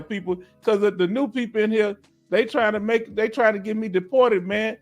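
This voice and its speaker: A man's voice: high voice, normal speed, faint music behind. A man from Houston, Texas with a Southern accent, hosting a casual live question-and-answer stream for veterans and reading viewer comments aloud. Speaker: livestream host for veterans.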